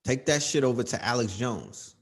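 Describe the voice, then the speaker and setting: A man's voice: medium pitch, animated, moderate pace, breathy edge. A man hosting a livestream, ranting in an emphatic, profane, casual way, often asking "you know what I mean.". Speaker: livestream host.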